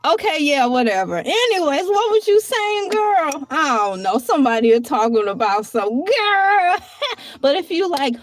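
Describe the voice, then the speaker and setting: A woman's voice: sits high, very animated, unhurried. A woman hosting a casual livestream, chatty and playful, who laughs often and drifts from one topic to the next. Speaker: livestream host.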